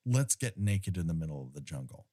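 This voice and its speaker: A man with a fairly low voice chats casually about a film, his pitch swinging widely as he tells it with wry, profane asides. The sound is dry and close, with no room around it. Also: dry recording. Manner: wry, profane, animated storytelling with quick asides. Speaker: podcast host recapping a film; former studio tour guide. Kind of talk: casual chat.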